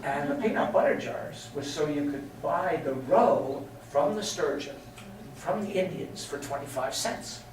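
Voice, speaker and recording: A man's voice: on the high side, expressive, a little slow, recorded from a distance, slight background noise. Older man telling flying stories, echoey hall. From England. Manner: anecdotal, chatty, laughs at his own stories. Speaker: guest speaker. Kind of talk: storytelling talk. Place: meeting hall.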